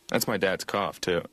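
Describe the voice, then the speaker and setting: A man's voice: low voice, sharp tone, no echo. A man from Indiana delivering a dry, understated stand-up monologue in a cartoon therapy session. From Indiana, USA. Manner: dry, understated, slips into silly quoted voices. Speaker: patient doing stand-up.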